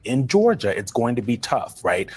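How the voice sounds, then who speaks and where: A man's voice: mid-range voice, sing-song, normal speed, slightly rough. A man analyzing politics on a broadcast, adding tag questions as he reasons.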